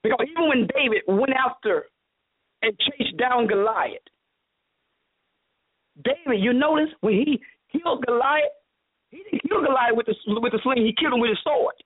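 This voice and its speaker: A man's voice: extremely high pitch, moderate pace, pauses often, breathy edge. A man preaching a fervent, rhythmic sermon over a call-in radio line, acting out God's words as dialogue. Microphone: phone call. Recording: tinny phone line.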